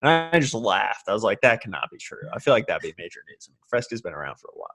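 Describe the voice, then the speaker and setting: A man's voice: fairly low pitch, very animated, racing, fairly bright tone. A young man co-hosting a podcast, chatting casually in a laid-back, rambling way with restarts. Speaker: podcast co-host. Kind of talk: casual chat.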